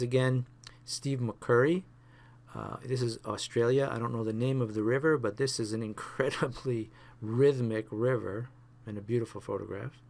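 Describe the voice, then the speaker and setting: A man lectures a photography class in an unhurried, casual way, often stopping with fillers and starting his sentences over. His voice sits at an ordinary middle pitch. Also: creaky. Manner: halting, many fillers and restarts. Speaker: photography instructor.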